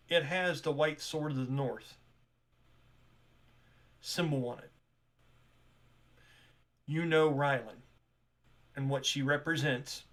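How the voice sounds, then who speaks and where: A man narrating a tabletop role-playing game as game master. He talks in a chatty, animated way. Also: a little high. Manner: animated, chatty, laughs easily.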